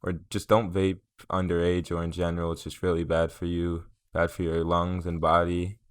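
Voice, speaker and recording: A man's voice: deep voice, monotone, normal speed, clear, resonant tone, no echo, clean studio sound. A young man telling a story in a casual, rambling way, swearing and filling it with "like" and "um". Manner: rambling, profane, filler-heavy. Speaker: vlogger.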